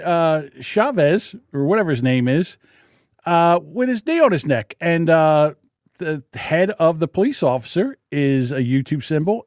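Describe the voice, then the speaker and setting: A man hosts a solo podcast livestream, ranting sarcastically and indignantly and laughing often. His voice is fairly high-pitched. The recording is dry, with clean studio sound.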